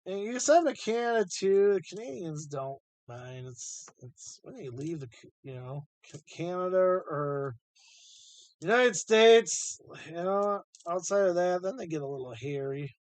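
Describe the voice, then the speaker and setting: A man chats through a live stream in an unhurried drawl, his pitch swinging up and down as he rambles and thinks aloud. The sound is dry, with no room around it. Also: expressive, no echo. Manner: rambling, chatty, thinks aloud while sorting coins. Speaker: live-stream host hunting coins. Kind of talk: casual live-stream chat.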